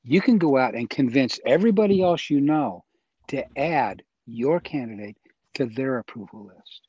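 A man's voice: mid-range voice, expressive, moderate pace, darkish tone, breathy edge, dry recording, highs cut off. A man interviewed as a guest, earnestly and persuasively explaining his views in a conversational way. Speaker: interview guest, voting reform advocate.

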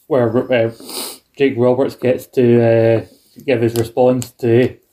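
A man's voice: medium pitch, flat delivery, slow pace, warm tone. A British man in his thirties co-hosting a podcast, talking in a rambling way with many restarts. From United Kingdom. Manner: rambling, hesitant, restarts a lot. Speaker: podcast co-host. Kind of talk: casual chat.

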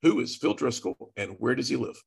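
A man's voice: medium pitch, lively intonation, fairly quick, gravelly, breathy edge. A man telling an earnest, dramatic testimony as a guest, acting out the dialogue. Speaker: guest speaker. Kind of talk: storytelling testimony.

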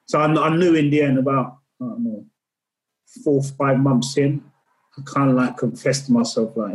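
Recorded in low quality, this mid-range male voice moves at a moderate pace. The speaker is a middle-aged podcast guest candidly and earnestly sharing a personal story, frequently repeating words as he recalls events.

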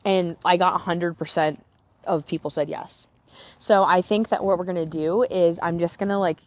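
A woman hosting a solo podcast, talking candidly and excitedly as a business coach, often swearing and filling with "like" and "right?", recorded outdoors. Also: lowish voice. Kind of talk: casual solo podcast monologue.

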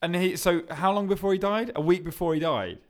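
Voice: medium pitch, a little fast. A podcast co-host in casual chat, reacting with sweary shock and rambling asides.

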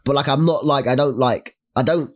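A man's voice: medium pitch, fairly quick. A young man, co-hosting a casual podcast chat and telling a story full of slang and restarts. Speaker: podcast co-host.

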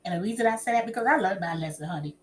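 A middle-aged woman telling personal stories and giving relationship advice to an audience, in a chatty, expressive way, calling listeners honey and child. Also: medium pitch, rapid-fire.

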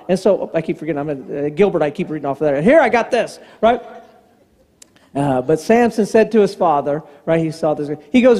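High-voiced pastor preaching in reverberant hall. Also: male voice, lively intonation, fairly quick, mellow. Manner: conversational, acts out quotes in voices. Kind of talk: sermon. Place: church hall.

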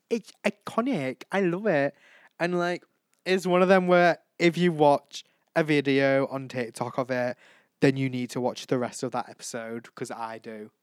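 A man's voice: medium pitch, no room sound, clean studio sound. A young man hosting a casual solo chat show, chatty and giggly, often breaking off to apologise. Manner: chatty, giggly, keeps saying sorry. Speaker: podcast host. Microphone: home microphone.

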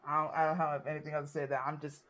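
A young woman, a student, speaking candidly in conversation, impassioned and halting, with frequent restarts. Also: sits low, level tone, a bit bright. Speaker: student sharing experience.

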